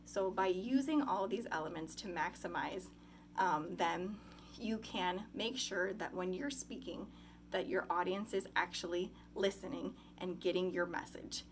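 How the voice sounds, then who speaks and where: A woman's voice: lowish voice, a little slow, a little hiss or hum. Chatty young woman presenting to a class. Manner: casual, many ums and likes. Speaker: student presenter.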